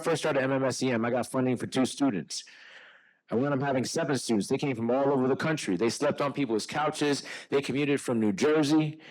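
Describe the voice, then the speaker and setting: A man's voice: mid-range voice, rough recording. A middle-aged man, a physician, giving an earnest, conversational talk to an audience about his work, telling personal stories with frequent restarts. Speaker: physician and author speaking at a book discussion.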